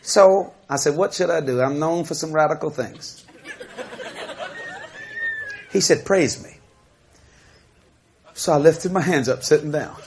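A man preaching a sermon, telling a story in an animated, laughing way and acting out what people said. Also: on the high side, unhurried, long pauses, slight background noise.

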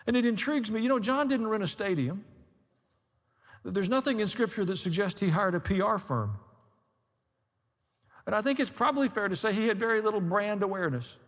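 A man with a notably high voice delivers a sermon from the pulpit, mixing dry asides with rising emphasis. His words ring out with a long reverb, as if in a large sanctuary. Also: animated, fairly quick, pauses often, fairly bright tone. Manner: conversational preaching with dry humor and rising emphasis. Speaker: pastor.

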